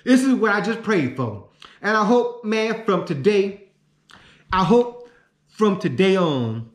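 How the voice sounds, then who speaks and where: A man delivering a profane, repetitive ranting monologue, swinging from shouting to muttering. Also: sits high, sing-song, slow. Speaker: online commentator. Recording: roomy echo.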